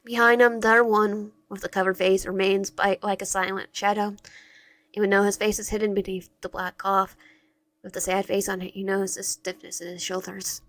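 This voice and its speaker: A woman reads a visual-novel game aloud in a mid-pitched voice, often tripping over words and starting them again. Her tone is plain and unhurried. The sound is dry and close, with no echo. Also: little pitch movement, fairly bright tone. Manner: stumbles and restarts words while reading. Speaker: game narrator and player.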